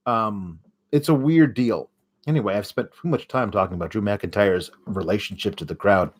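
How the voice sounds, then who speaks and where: A man's voice: fairly low pitch, moderate pace. A young man hosting a podcast, giving a casual, sarcastic wrestling recap and mocking the wrestlers as he goes. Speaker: podcast host.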